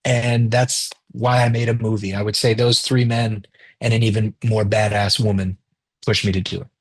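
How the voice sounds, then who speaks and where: Husky guy in his 30s on an interview, chatty, acts out what people said. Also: fairly low pitch, normal speed. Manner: animated storyteller acting out quoted dialogue, swears freely. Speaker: interview guest, rapper and director. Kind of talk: casual storytelling interview.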